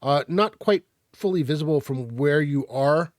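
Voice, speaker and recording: A man narrating a tabletop game as game master, halting, with many fillers. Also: on the high side, no room sound, clean studio sound.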